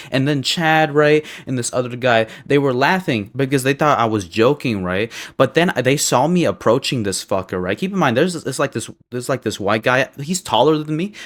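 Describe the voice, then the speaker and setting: A young man telling a casual storytime monologue, rambling and profane, tagging "right?" onto his sentences and swinging between heated bursts and low mutters. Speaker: storyteller vlogger.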